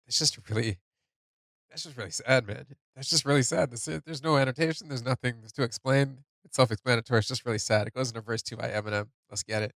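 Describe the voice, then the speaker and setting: A tearful man hosting a song reaction, talking in a halting, emotional way as he comments on what he hears. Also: medium pitch, steady tone, fairly bright tone, no room sound. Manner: halting, emotional, thinking aloud. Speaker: music reaction host.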